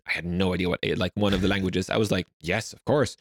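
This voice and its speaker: A man's voice: low voice, fairly even intonation, quick pace, no echo, studio quality. A young Swedish man telling stories in a casual interview, rambling with lots of fillers. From Sweden. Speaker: guest.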